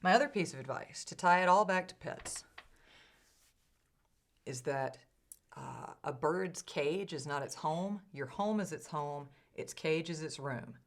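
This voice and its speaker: A woman co-hosting a casual podcast, chatty and lively as she hands out advice. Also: low voice, measured pace. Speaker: podcast co-host; improviser. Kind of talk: casual chat.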